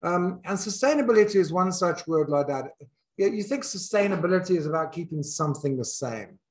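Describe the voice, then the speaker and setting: A man with an English accent, voice set a little high, gives a reflective talk as a dean. He speaks candidly and builds his ideas aloud, often pausing and restarting his sentences. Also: expressive. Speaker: business school dean giving a talk. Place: in South Africa.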